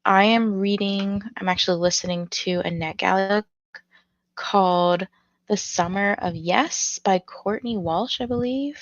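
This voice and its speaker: A woman's voice: medium pitch, unhurried, dry recording, dull audio. A tired woman who just woke up, hosting a casual reading livestream with her morning voice, rambling with many fillers. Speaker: reading stream host.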